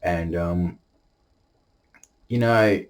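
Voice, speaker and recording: A young man telling a personal story to the camera, halting and emotional, holding back tears. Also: low voice. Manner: halting, emotional, many restarts.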